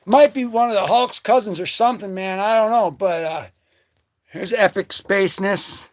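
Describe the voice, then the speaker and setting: An excitable man hosting a casual comic book vlog, joking and slangy as he talks through his comics. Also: high-pitched, normal speed. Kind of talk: casual livestream commentary.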